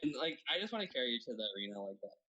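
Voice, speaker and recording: Very low, lively woman player. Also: racing, lo-fi sound. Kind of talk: casual game chat.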